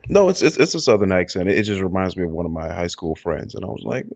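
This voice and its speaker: A man from Louisiana, a guest in a casual livestream chat, playful and quick to laugh. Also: deep voice, very animated, vocal fry, a little mellow, dry recording.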